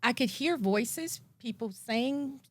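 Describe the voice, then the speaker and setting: A woman telling her own story in a lively way, acting out her past thoughts. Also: fairly high pitch, takes it slowly. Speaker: guest. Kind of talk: personal storytelling.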